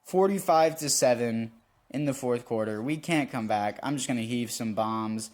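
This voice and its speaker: A young gaming YouTuber rambles through self-critical commentary on a football video game, breaking into frustrated outbursts. His mid-range voice has a darkish tone and moves at a normal speed.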